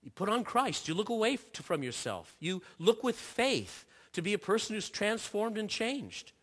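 A man preaching a sermon in earnest, repeating phrases and restarting himself, dropping softer when he quotes. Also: high voice, very animated, moderate pace. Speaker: pastor.

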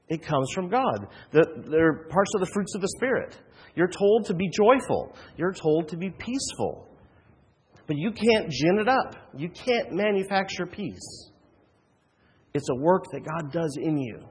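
Husky-voiced man preaching in a reverberant hall. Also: a little high. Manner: earnest preaching with frequent restarts and rhetorical questions. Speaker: pastor. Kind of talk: sermon.

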